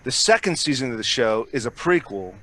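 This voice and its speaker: A man's voice: mid-range voice, very animated, brisk, pushed and bright. A man co-hosting a podcast, rambling in casual chat, swearing a lot and restarting his sentences. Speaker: podcast co-host.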